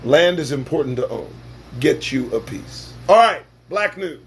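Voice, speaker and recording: A man's voice: fairly high pitch, expressive, a little slow, a little hiss or hum. A man hosting a casual live-stream show, talking in a profane, sarcastic and preachy way. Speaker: livestream show host.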